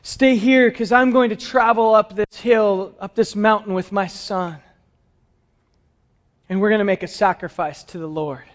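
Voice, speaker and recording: A man's voice: high voice, steady tone, measured pace, big-room sound. A man doing an anguished old father. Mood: firm. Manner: hushed, anguished. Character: grieving elderly father, torn and tearful. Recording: dull lo-fi sound.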